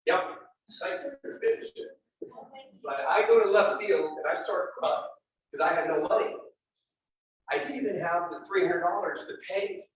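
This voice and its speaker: Distant, echoey, high-voiced man telling a motivational story. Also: normal speed, pauses often. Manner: animated and personal, addresses the crowd directly. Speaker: real estate team leader speaking at an event. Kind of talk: motivational storytelling talk to a live audience. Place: event room with a live audience. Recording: very echoey room, distant mic, faint noise.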